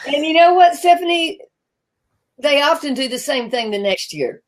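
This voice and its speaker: A woman's voice: high voice, expressive, moderate pace, rough recording. A woman in her sixties with a Southern American accent, hosting a live-streamed talk show in a chatty, self-deprecating way with frequent restarts. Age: 60s. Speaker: host.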